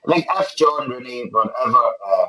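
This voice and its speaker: A man's voice: medium pitch, animated, moderate pace, sharp tone, a little hiss or hum, rough recording. A middle-aged Scottish actor, a guest in a casual podcast interview, who talks with energy, repeats phrases and often ends lines with "man".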